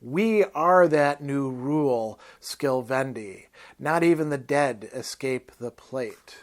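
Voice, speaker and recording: A man's voice: medium pitch, slow pace, natural voice. A man reading as a haughty ancient demon bird. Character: ancient arrogant male demon speaking through a bird.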